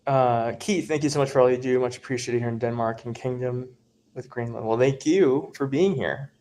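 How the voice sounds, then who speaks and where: Reading viewer comments aloud and laughing a lot, a livestream host chats casually from his home. His mid-range voice is a little mellow, his pace moderate, and there's a little hiss or hum.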